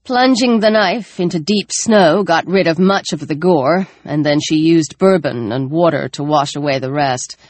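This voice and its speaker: A woman reading a novel aloud in a slow, measured, low-key narration. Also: a little mellow, no room sound. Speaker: audiobook narrator. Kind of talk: scripted narration.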